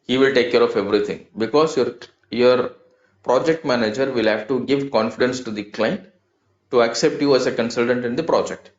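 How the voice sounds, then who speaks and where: A man's voice: medium pitch, brisk. Man, Indian English accent, trainer, earnest repetitive lecturing, echoey room, muffled lo-fi sound. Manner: earnest, repetitive advice-giving. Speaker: SAP finance trainer. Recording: roomy, dull lo-fi audio.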